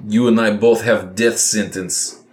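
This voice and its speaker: A man voices a gruff, bitter old prisoner in a tabletop game, with a put-on Russian-style accent and clipped, broken English. The voice sits low and deep. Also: steady tone, a little slow, close to an everyday voice.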